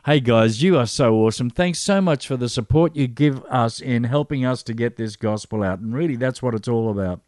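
A man's voice: medium pitch, a little fast, few pauses, a little mellow, dry recording, studio quality. A man hosting a gospel podcast, reading out supporters' names and home towns with playful jokey asides. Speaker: podcast host.

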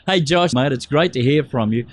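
A man hosting a relaxed radio show, his voice at an ordinary middle pitch. He jokes and teases his callers and often breaks into laughter. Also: moderate pace. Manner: jokey, teasing, laughs often. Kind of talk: casual radio chat.

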